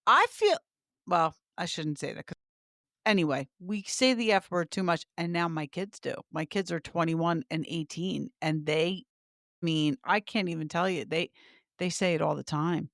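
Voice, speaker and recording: A woman's voice: deep voice, fairly bright tone, no room sound, clean studio sound. Frank woman podcast co-host from New Jersey. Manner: frank, emphatic, quick to agree. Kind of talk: casual chat.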